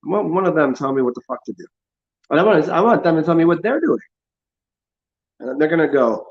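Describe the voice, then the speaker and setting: A man's voice: animated, normal speed, long pauses, dull audio. A man hosting a casual livestream, rambling sarcastically and swearing as he mocks others. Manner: sarcastic, mocks people in high put-on voices, swears. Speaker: livestream host.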